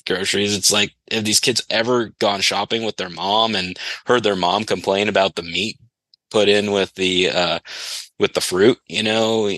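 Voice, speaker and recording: A man with a low voice and a bright, forceful edge rambles through a long story in casual podcast chat, laughing along the way. His voice is recorded close and dry. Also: steady tone, normal speed, dry recording, rough recording. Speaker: podcast guest.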